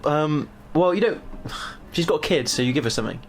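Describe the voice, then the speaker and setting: A man's voice: on the high side, expressive, a little fast, faint music behind. A young British man co-hosting a let's play, chatting casually and laughing easily. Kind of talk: casual gameplay chat.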